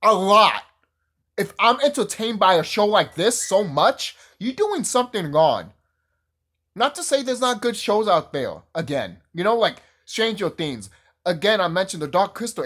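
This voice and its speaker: A man casually reviewing a TV show on his channel, excitable and profane, rambling and gushing. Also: sits high, moderate pace, husky. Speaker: YouTube reviewer.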